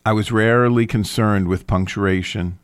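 A man giving a reflective lecture on scripture, speaking in a deliberate, questioning way. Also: on the low side, steady tone, smooth, no echo.

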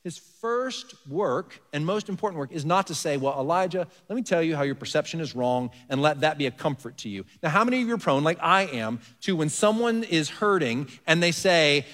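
A pastor with a slightly high voice preaches in a conversational way, putting questions to the congregation and stressing key words. His voice trails off into the long reverb of a large church hall. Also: expressive, brisk, hardly any pauses, fairly bright tone. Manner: conversational preaching with rhetorical questions and shifting emphasis. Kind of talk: sermon. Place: church sanctuary.

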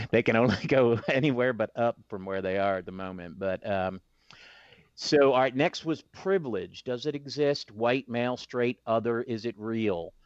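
Stammering laid-back podcast host. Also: male voice, medium pitch, unhurried, no echo. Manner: laughing, stammering restarts, keeps score. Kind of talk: casual chat among friends. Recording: muffled lo-fi podcast audio.

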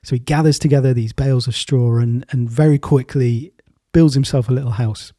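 Casting: male host, easygoing storyteller, husky, mellow, dry. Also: medium pitch, a little fast, no echo. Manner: relaxed, rambling with fillers and restarts. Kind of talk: casual storytelling in a talk.

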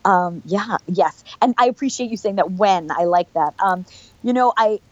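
A woman guest telling animated, chatty stories with many restarts in a casual interview. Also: mid-range voice, normal speed, no echo, muffled recording. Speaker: actress guest.

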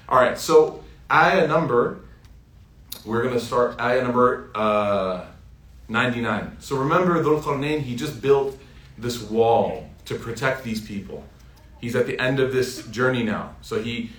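A man giving a casual religious lesson, telling stories in a lively, anecdotal way and often laughing as he talks. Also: medium pitch. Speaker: Islamic teacher. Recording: roomy echo, speaker off-mic.

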